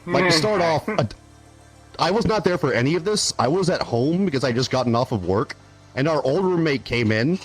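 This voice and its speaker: Young male podcast host, animated storyteller, laughs and curses, lively pitch. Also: fairly quick, soft background music. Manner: animated, laughing, swears casually. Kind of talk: casual storytelling chat.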